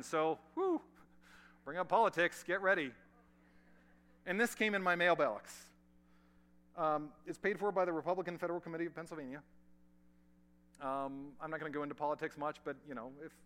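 A male pastor preaching a sermon to a large congregation, swinging from loud emphasis to hushed, almost whispered lines, with casual asides to the room. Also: a little high. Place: large church hall.

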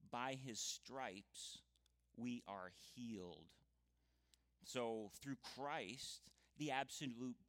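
A man preaching a sermon in an earnest, measured way, often adding "you know" as he explains scripture. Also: mid-range voice, a bit bright.

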